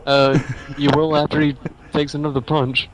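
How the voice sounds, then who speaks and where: A man's voice: a little high, level tone, moderate pace, crowd noise, rough recording. A young man narrating as game master of a tabletop horror game in casual, swearing voice chat. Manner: casual, swearing, laughing often.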